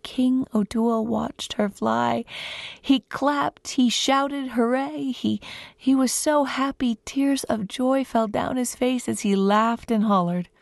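A woman guest storyteller telling a folk tale to children in an expressive, lilting way, close to the mic. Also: a little high, slow pace, gravelly, no room sound.

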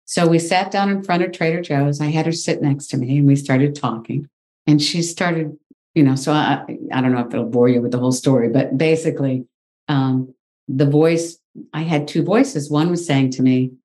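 A woman with a low voice tells a personal story in an interview. She talks in an animated way, with frequent exclamations. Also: normal speed. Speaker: guest.

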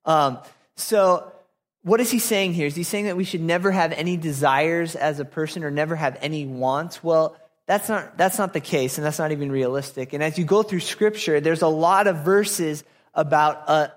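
A young male pastor gives a relaxed, conversational sermon, dotted with ums and uhs. His voice sits a little high for a man. It rings out with a long reverb, as if in a church hall. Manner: casual conversational preaching with fillers.

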